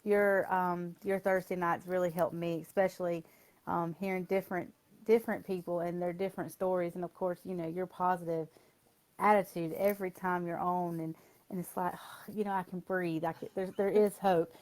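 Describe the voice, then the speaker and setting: A woman's voice: fairly low pitch, little pitch movement, moderate pace, a little mellow. A woman guest, talking in a chatty, hesitant way with fillers and frequent laughs. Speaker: guest, caregiver. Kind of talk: interview conversation. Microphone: video call.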